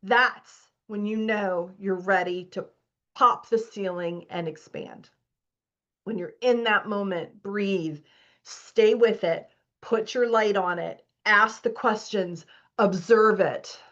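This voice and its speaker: A woman's voice: mid-range voice, slow pace, a bit bright, highs cut off. A woman as a spiritual coach leading a live online masterclass, reading out participants' comments and urging them on emphatically.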